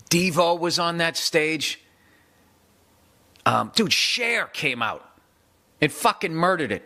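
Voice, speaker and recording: A man in his fifties telling rambling, profane stories in a casual rant, animated and quick to swear. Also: mid-range voice. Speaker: comedian. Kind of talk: casual podcast-style rant.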